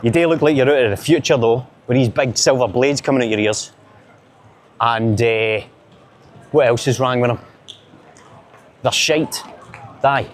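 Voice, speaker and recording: A man's voice: medium pitch, unhurried, pauses often. Joking Glaswegian man vlogging a street walk. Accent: Glaswegian Scottish. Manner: chatty, joking, rambling banter. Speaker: vlogger filming a city walk. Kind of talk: casual walking vlog to camera. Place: outdoors on busy city streets.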